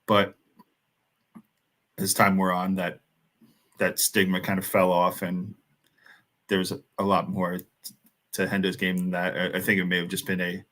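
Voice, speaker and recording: American man, very low voice, casual watchalong banter, frequent laughs. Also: completely flat delivery, moderate pace, pauses often, fairly bright tone. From United States. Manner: laughs often, loose rambling banter. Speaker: watchalong co-host. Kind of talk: casual match commentary chat.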